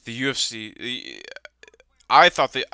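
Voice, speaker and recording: A man's voice: medium pitch, sing-song, unhurried, sharp tone, clean tone, dry recording. A young man ranting angrily about fights, swearing and repeating himself. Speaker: MMA commentator. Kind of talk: ranting fan commentary.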